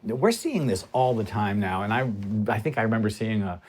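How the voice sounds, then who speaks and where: A man's voice: on the low side, lively intonation, normal speed, a little hiss or hum. A man explaining music theory at the piano in a conversational way, often asking rhetorical questions. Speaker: music teacher. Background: piano playing.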